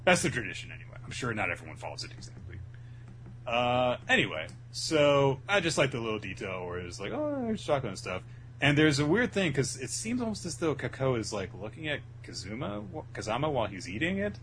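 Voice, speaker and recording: A man co-hosting a casual podcast, recapping a manga in a laid-back way and slipping in quick voiced asides for the characters. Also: medium pitch, sing-song, fairly bright tone, a little hiss or hum, poor audio. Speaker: podcast co-host.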